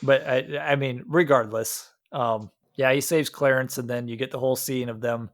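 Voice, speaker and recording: A man's voice: medium pitch, fairly even intonation, moderate pace, dry recording. A young man co-hosting a podcast, chatting casually about a film with frequent restarts and acted-out quotes. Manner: rambling, many restarts, acts out quotes. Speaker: podcast co-host.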